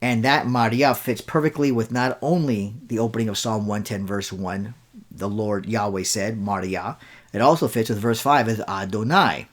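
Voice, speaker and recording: A man's voice: lowish voice, moderate pace. Insistent man arguing a rebuttal. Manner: argumentative, insistent, repeats key words for emphasis. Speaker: show host and Bible scholar. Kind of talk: rebuttal commentary.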